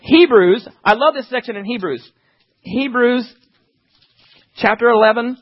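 A man preaching a sermon, reading scripture and talking fast with animated asides. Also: extremely high pitch, muffled recording.

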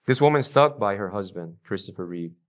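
A man preaching a sermon to a congregation, with emphatic swings between loud declarations and quiet low lines, and questions put to the listeners. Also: animated, a little fast. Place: church before a congregation.

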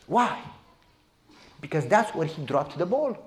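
A man preaching a sermon, swinging between loud exclamations and hushed asides, and acting out the voices of people in his stories. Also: extremely high pitch, big pitch swings, moderate pace, long pauses.

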